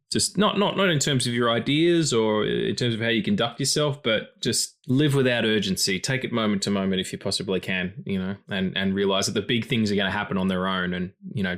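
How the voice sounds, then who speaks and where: A man's voice: fairly low pitch, a bit bright. A man co-hosting a film podcast, talking loosely and swearing freely. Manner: loose, chatty, swears freely, many fillers. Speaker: podcast co-host. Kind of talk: casual film podcast chat.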